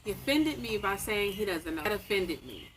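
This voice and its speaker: A woman guest telling a story in casual chat outdoors, animated and chatty. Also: mid-range voice, normal speed, a little hiss or hum, poor audio. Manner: animated storytelling, lively quoted asides.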